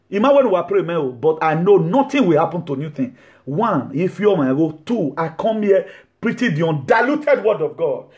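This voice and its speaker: A man delivers a sermon in a high, bright-sounding voice. He talks animatedly and often slips into laughter between his points. He then turns to loud, scolding rebukes. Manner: animated, swings from laughing asides to shouted rebukes. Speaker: preacher.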